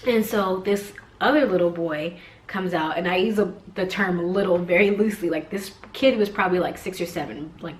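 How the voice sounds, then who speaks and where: A woman's voice: lowish voice, fairly quick, a little hiss or hum. Chatty woman in an echoey room. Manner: chatty, many fillers, animated retelling. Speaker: vlogger, mother. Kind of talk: casual storytime.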